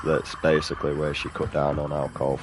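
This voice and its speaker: A man's voice: very deep voice, completely flat delivery, brisk, noisy background. A man rambling and swearing casually while playing a video game. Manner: rambling, profane, drawling. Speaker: gaming streamer.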